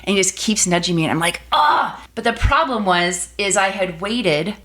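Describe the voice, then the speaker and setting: A woman in her thirties telling a personal faith story as a podcast guest, animated, acting out quoted voices. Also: brisk. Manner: animated storyteller, acts out quoted voices with big pitch jumps.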